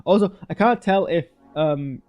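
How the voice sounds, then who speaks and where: A man talks through a film review in a loose, casual way, stopping and restarting his thoughts often. His voice sits a little high. The sound is slightly dull and lo-fi, with faint music underneath. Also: lively intonation, unhurried. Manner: rambling, hesitant, many restarts and fillers. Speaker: video creator reviewing a film. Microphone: streaming webcam setup.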